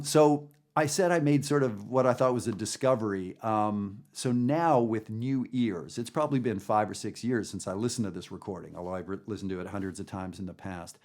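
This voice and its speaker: A man's voice: fairly low pitch, darkish tone. A man teaching jazz in a guided listening lesson, talking in an enthusiastic, chatty way with many fillers. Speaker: jazz educator.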